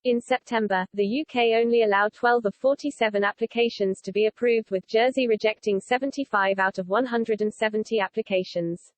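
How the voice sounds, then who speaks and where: A woman's voice: on the high side, fairly quick, few pauses, no echo. Woman reading news, dry close sound. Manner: steady, even reading of a written article. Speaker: news narrator. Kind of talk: scripted news narration.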